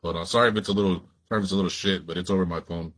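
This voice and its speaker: A man with a drawl chats casually on his own livestream, loose and profane as he talks straight to the viewers. His voice sits somewhat low. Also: steady tone, racing, fairly bright tone. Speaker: livestream host.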